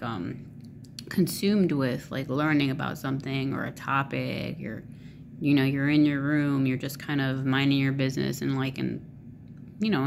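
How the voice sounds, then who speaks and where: A woman's voice: very deep voice, creaky, background noise. A woman vlogger talking casually to camera, rambling with many fillers and swearing freely.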